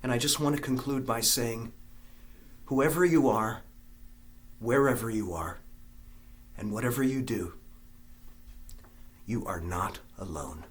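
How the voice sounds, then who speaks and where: A man with a Scottish accent telling a comic story to his viewers, theatrical, breaking into sung snatches and swinging from loud to hushed. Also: mid-range voice, unhurried, pauses often. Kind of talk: comic monologue.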